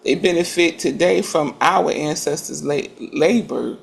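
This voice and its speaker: A woman's voice: sits low, a little slow, vocal fry. A woman in a casual group discussion, making earnest points and building up to them with emphasis.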